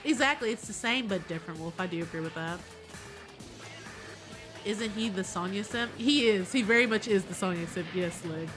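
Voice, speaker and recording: A woman chatting casually while streaming a game, animated and quick to laugh and swear, greeting her viewers. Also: medium pitch, over music. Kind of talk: casual live game commentary.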